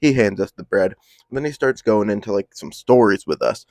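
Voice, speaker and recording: A young man with a low, gravelly voice rambles through a casual storytime, heavy on slang and swearing. The sound is dry and close. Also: fairly quick, darkish tone, no room sound.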